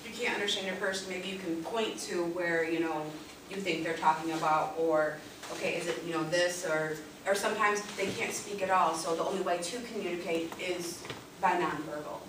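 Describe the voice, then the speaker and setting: A woman's voice: fairly low pitch, fairly even intonation, moderate pace. A woman co-presenting a workshop as an SI leader, chatty and conversational, with many fillers. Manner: conversational, uses "you know" and "um" often. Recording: echoey room, distant mic, background noise.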